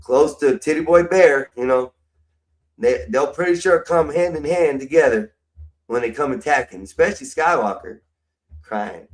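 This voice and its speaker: A man's voice: on the high side, moderate pace, low-quality recording. A man hosting a stream, rambling casually and profanely while drinking. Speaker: stream host. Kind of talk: casual rambling livestream chat.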